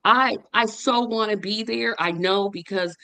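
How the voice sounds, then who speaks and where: A woman's voice: medium pitch, unhurried, bright, forceful tone, dry recording, poor audio. A woman giving an earnest, faith-filled memorial tribute over a video call, with a touch of humor. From living in Indianapolis. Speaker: memorial speaker.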